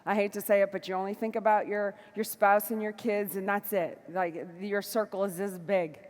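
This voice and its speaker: A woman giving a motivational stage talk to a live audience, fiery and emphatic, moving between shouts and soft asides. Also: medium pitch, steady tone, moderate pace, in a large hall. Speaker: motivational speaker. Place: large hall before a live audience.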